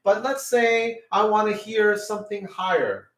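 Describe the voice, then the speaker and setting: A man's voice: high-pitched, a little slow, roomy sound, distant mic. A man teaching children a music lesson, encouraging and repeating "okay?" after nearly every point. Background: piano.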